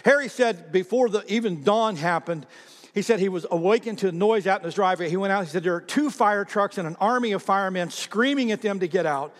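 High-voiced animated male pastor preaching. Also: fairly quick, in a large hall. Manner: animated, repeats words, calls on the congregation to read aloud. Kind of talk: sermon. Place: church sanctuary.

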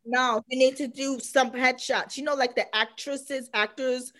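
A woman's voice: high-pitched, steady tone, unhurried, a bit bright. A woman giving a casual psychic reading, speaking with assurance and emphatically repeating her points. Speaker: psychic reader.

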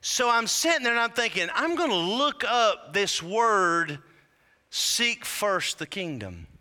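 Male preacher, fervent sermon with jokes, very bright and clear, echoing hall. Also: sits high, very animated, slow pace. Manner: fervent, builds to shouting whoops; humorous asides to the congregation. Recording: long hall reverb.

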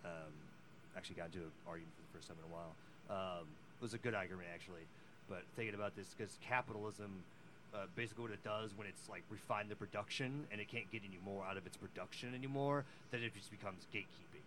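A man co-hosting a podcast, musing and chiming in with quick agreement in casual chat. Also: fairly low pitch, background noise. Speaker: podcast co-host.

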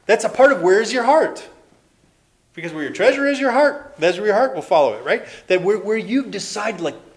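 A pastor in his forties delivers a sermon in a church building. He is animated and quick to laugh, slipping into other people's voices as he makes his points. His voice sits a bit high and rises and falls widely. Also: a little hiss or hum.

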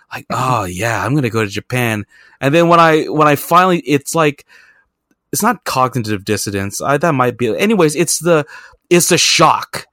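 A man's voice: fairly high pitch, pushed and bright, no room sound, studio quality. A man hosting a podcast, telling travel stories in a rambling, profane, self-mocking way. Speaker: podcast host. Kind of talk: casual storytelling chat.

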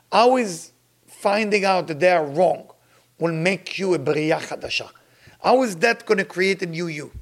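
Older man preaching emphatically. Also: gravelly. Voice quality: non-native grammar. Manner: emphatic, repeats phrases, rises to sudden high exclamations. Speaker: spiritual teacher. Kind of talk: sermon to followers.

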